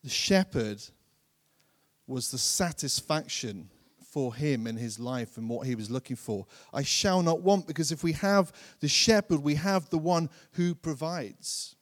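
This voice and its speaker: A man preaching a sermon in an earnest way, repeating phrases for emphasis and slowing down to stress key lines. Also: on the high side, animated, fairly bright tone. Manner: slows and drops his voice to stress key lines. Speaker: pastor.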